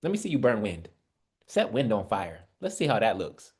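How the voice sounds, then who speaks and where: This man's voice is lowish, darkish in tone and slightly rough, very animated at a moderate pace. In an online Bible study he preaches conversationally as spiritual teaching, calling his listeners family and asking rhetorical questions.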